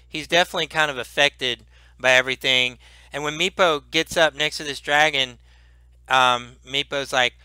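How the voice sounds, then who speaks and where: A man narrates a tabletop game with a very bright, dry voice. He halts often and fills gaps with ums. He sounds close to the mic. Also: a little high, steady tone, clear, resonant tone, no room sound. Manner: halting, filler-heavy narration. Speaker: game master.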